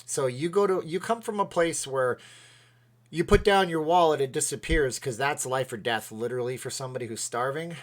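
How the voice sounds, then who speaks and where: A middle-aged man from Canada hosting a casual livestream, rambling and thanking viewers by name as he reads their comments. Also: medium pitch. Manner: rambling, chatty, thanks viewers by name, sways while talking. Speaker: livestream host.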